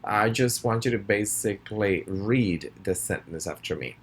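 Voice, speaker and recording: A man with a very deep voice, whose first language is Spanish, leads a recorded pronunciation class. He speaks in a friendly way, saying each word slowly and asking students to repeat after him. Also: husky. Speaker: pronunciation teacher. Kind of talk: recorded video lesson.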